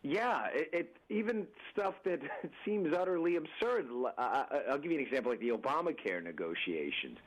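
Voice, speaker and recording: A man's voice: on the high side, big pitch swings, normal speed, few pauses, low-quality recording. A man speaking as a guest and political candidate on a radio interview, talking emphatically with frequent restarts and addressing listeners as folks.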